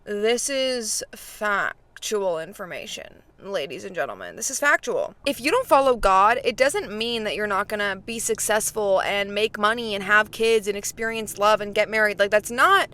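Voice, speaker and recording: A woman's voice: medium pitch, lively intonation, moderate pace, hardly any pauses, sharp tone. A woman in her twenties, talking casually and directly to her viewers as a faith vlogger, full of fillers. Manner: chatty, frequent fillers, talks straight to viewers. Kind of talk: casual chat.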